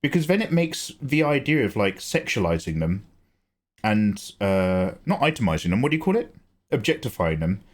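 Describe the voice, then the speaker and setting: Lively English man chatting on stream. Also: fairly low pitch, normal speed. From England. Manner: chatty, animated, swears and laughs easily. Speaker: livestream host. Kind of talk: casual livestream chat.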